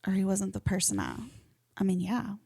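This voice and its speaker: Animated woman telling a story. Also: mid-range voice, normal speed, creaky, slightly rough. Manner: animated, acts out quotes, swears and laughs. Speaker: podcast co-host. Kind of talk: casual chat, storytelling.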